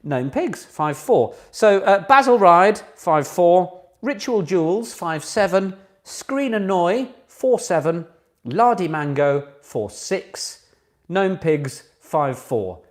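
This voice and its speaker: A man's voice: on the high side, lively intonation, slow pace. A man hosting a casual online pub quiz from home, chatty and self-mocking, with jokey asides between questions.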